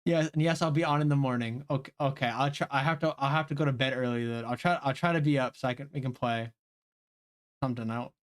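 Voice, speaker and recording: A man's voice: mid-range voice, quick pace. A young man chatting casually on a live stream while playing a game, swearing freely and laughing often. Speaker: livestreamer.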